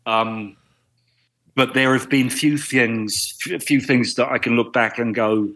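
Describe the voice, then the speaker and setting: A man's voice: medium pitch, steady tone, measured pace, a bit bright. Man, middle-aged, English accent, wry, self-deprecating, casual podcast chat. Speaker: guest actor.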